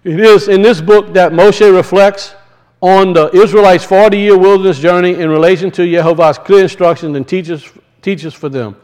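High-voiced preaching man. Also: fairly even intonation, moderate pace, a little mellow. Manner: conversational, rising into emphatic preaching. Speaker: Bible teacher. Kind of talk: sermon-style Bible teaching.

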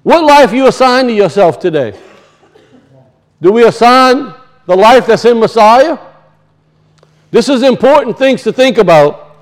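A man with a high voice preaches a sermon, reading scripture aloud between his comments. He talks with emphasis, asks his listeners pointed questions and repeats words to drive his points home. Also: expressive, unhurried, pauses often, poor audio.

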